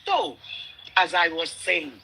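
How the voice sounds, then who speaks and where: On a remote call in a live audio discussion, a woman with a Nigerian accent gives impassioned, emphatic and indignant commentary, switching among English, Pidgin and Yoruba. Her low-leaning voice swings widely in pitch, moves slowly, has vocal fry and a bright, forceful tone. The recording is rough with slight background noise.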